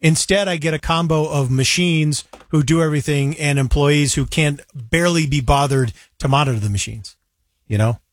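A man's voice: on the high side, normal speed, no room sound. Chatty man co-hosting in a dry room. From United States. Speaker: co-host. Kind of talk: casual chat.

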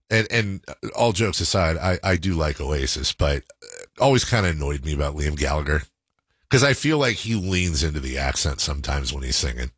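A man's voice: low voice, a bit bright, no echo, clean studio sound. An American man hosting a radio show, chatting casually in a jokey, self-deprecating way. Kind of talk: casual chat.

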